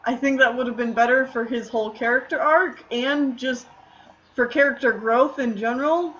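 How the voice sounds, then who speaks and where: A woman's voice: on the high side, a little slow, a bit bright, dull audio. A woman streamer chatting casually while drawing, answering questions in a rambling way with lots of fillers.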